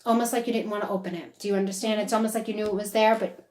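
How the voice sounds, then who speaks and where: A woman working as a psychic medium, giving a chatty conversational reading and relaying quotes in lively bursts. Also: medium pitch, very fast. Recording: echoey room.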